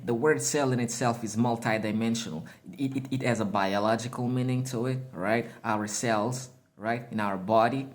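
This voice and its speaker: A man giving a freewheeling motivational monologue, emphatic and full of profane slang, laughing at himself now and then. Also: medium pitch. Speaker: motivational speaker.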